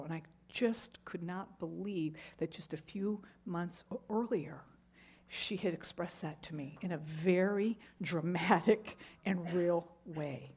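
A woman's voice: on the low side, slow pace, a little mellow, slightly rough. Woman teaching a Bible study. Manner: conversational, storytelling with fillers and asides. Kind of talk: Bible lesson with personal story.

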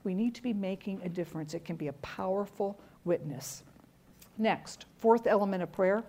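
A middle-aged woman teaches a church class in an earnest, storytelling way. She repeats key words to drive her points home. Her pitch sits in an ordinary middle range. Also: normal speed, dark tone. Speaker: Bible teacher.

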